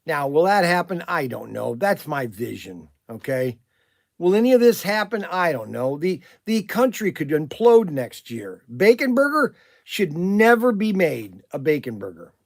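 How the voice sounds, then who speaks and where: A man hosting a casual livestream, rambling and animated with many restarts and fillers, talking up his shop plans. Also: a little high, unhurried, gravelly, dry recording, clean studio sound. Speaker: livestream host and shop owner.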